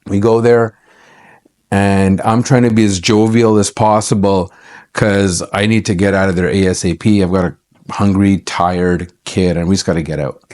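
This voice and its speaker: A man's voice: low-pitched, steady tone, normal speed, darkish tone. A middle-aged man from Canada, an accountant, telling a personal story to camera in a chatty, aggrieved way with many fillers and restarts.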